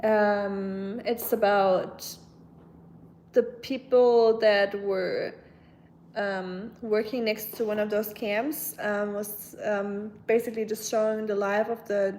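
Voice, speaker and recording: A woman's voice: mid-range voice, little pitch movement, slow pace, a little mellow, slight background noise. A young woman from Germany, casually chatting and answering her live chat as a streamer, with lots of fillers. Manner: chatty, reads chat aloud, many fillers. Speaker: livestream host.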